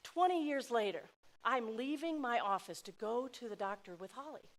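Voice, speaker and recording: Middle-aged woman speaker, heartfelt and emphatic, slightly high voice, loud bursts and quiet asides. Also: normal speed. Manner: heartfelt, emphatic, swings between loud exclamations and soft asides. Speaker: speaker at a dinner event. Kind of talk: personal speech to an audience.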